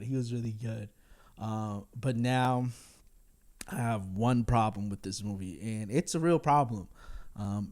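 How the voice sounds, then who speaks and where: A man talks through his take on a film in a loose, unscripted way. He is blunt and candid and often pauses on fillers or chuckles. His voice sits at an ordinary middle pitch. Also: darkish tone. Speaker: film reviewer. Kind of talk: casual spoken movie review.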